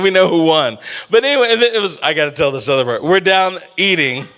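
A man preaching a sermon full of humorous personal stories. His voice sits high and sounds bright and forward. He keeps calling out to the congregation as he goes. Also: fast, hardly any pauses. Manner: animated, humorous, calls out to the congregation. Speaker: pastor. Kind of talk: storytelling sermon.

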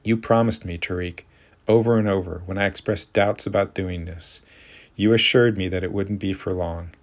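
Reading an audiobook, a man gives voice to a fed-up, blunt woman in her thirties who sounds worn out and forces her words with exasperation. The delivery is deep, slightly raised and at normal speed, closer to steady storybook narration than full acting.

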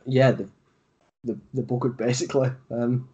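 Husky yorkshire guy chatting footy, lots of ums, muffled lo-fi audio. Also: medium pitch, fairly even intonation, moderate pace, mellow. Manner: rambling, swears freely, many fillers. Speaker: podcast co-host. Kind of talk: casual football chat.

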